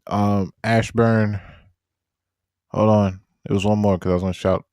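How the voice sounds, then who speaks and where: A laid-back man co-hosts a podcast, rambling and filling pauses as he talks. His voice is fairly low. The recording is dry and close to the mic. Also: level tone, darkish tone, clear, resonant tone, dry recording. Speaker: podcast co-host. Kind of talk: casual chat.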